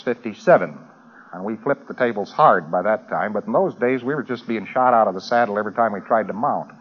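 An American man giving a humorous talk to a live audience, rambling with dry asides. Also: lowish voice. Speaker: lecturer. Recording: dull lo-fi old recording.

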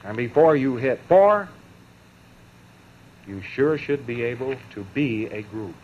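A man giving a lecture to a live audience, emphatic and sardonic, breaking his points into short phrases with pauses and mocking asides. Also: mid-range voice, lively intonation, darkish tone, breathy edge, dull audio.

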